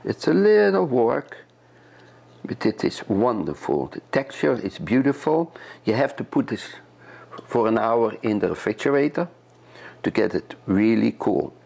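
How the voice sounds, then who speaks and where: A man's voice: medium pitch, very animated, a little slow, vocal fry, darkish tone. A man from Europe, a chef, chatting step by step through a cooking demonstration in a kitchen and often repeating his words.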